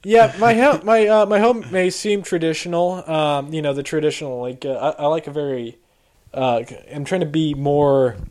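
A man with a slightly high-pitched voice, a stand-up comedian chatting as a podcast guest. He spins out absurd bits in casual banter. He laughs through much of it. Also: normal speed, a little mellow.

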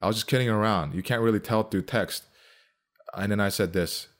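A deep-voiced man casually telling a story, laid-back and swearing freely. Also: a little fast.

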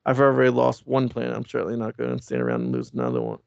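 A naive, earnest comic-book superhero, done by a man, noble and cheerfully clueless. The voice is gravelly and fried, recorded dry and a bit dull. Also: medium pitch, big pitch swings, very fast, a little mellow, no echo.

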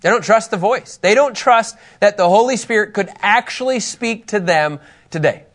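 A man teaching a Bible lesson to a small group, conversational and lively, acting out people's doubts and putting questions to his listeners. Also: high-pitched, normal speed.

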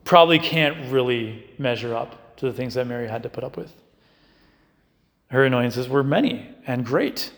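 Man, conversational Catholic talk, raspy fry, reverberant hall. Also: mid-range voice, expressive, normal speed. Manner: conversational, often adds "right?" and "you know". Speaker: Catholic speaker. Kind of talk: spiritual talk to young adults. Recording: echoey hall.

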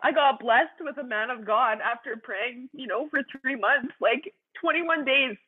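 A woman's voice: high voice, unhurried, slightly rough. A young woman sharing her personal faith testimony, earnest and fervent, talking in a loose way full of "like" and "you know". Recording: tinny phone-like sound.

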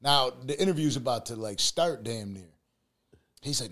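A man in his thirties from Buffalo, New York, with a middle-pitched voice, hosts a relaxed podcast chat. He tells long stories in a lively, profane way and acts out the lines of the people in them. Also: brisk. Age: 30s. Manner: animated storyteller acting out quoted lines, profane. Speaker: podcast host.

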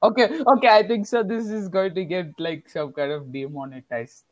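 Guy making fun of himself, slightly high voice, dry close mic. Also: moderate pace, no room sound. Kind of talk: casual chat.

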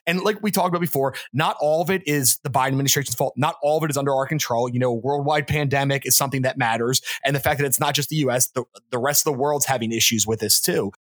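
A man's voice: medium pitch, fast talker, hardly any pauses, a bit bright. A man co-hosting a podcast, talking in a casual political chat, emphatic and often repeating words as he builds his argument. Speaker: podcast co-host.

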